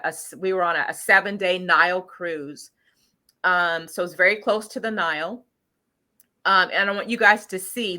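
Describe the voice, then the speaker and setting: A middle-aged woman with a bright, clear voice, telling her viewers a travel story in a loose, chatty way. She rambles, stops and restarts her sentences, and fills the gaps with lots of ums. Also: mid-range voice. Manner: rambling, with many fillers and restarts. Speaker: channel host sharing travel story.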